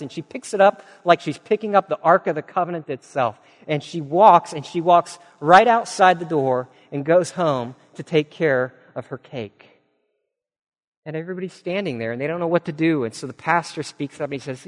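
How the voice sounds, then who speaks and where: A man preaching a sermon, telling a story with lively acted-out voices, dropping low and quiet for solemn points. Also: moderate pace. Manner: animated storyteller, acts out quoted voices, drops low and soft for solemn points. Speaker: pastor. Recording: long hall reverb.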